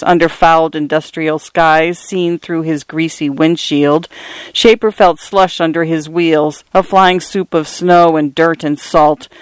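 Dry, measured man reading fiction. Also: a little high, clear, resonant tone, no echo. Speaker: audiobook narrator.

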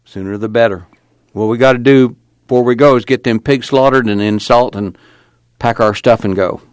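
Man voicing an earnest middle-aged farm father, rural drawl, mid pitch, dry. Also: normal speed, smooth, dry recording, close to an everyday voice.

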